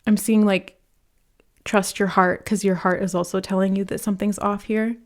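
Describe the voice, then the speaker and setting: A woman reads tarot cards for her viewers, her voice sitting in a plain middle register. She talks fast in loose, animated bursts, packed with fillers, and slips into quick imitations of the people she describes. She speaks to the listener directly and earnestly. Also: mid-range voice. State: nervous, laughing from nerves. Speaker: tarot reader. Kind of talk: pick-a-card tarot reading.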